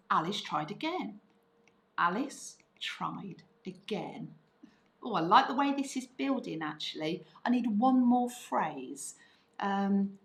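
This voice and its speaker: A middle-aged woman with a mid-range voice teaches a writing lesson in a lively way, thinking aloud as she writes. She acts out quoted phrases, voicing things parents say, and the sound is roomy.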